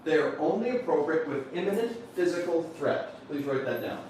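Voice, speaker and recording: A man leading a motivational workshop, lively and questioning his audience, often telling them to write points down. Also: a little high, moderate pace, a little hiss or hum. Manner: animated, questions the audience, repeats instructions. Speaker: seminar speaker. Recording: echoey room from far off.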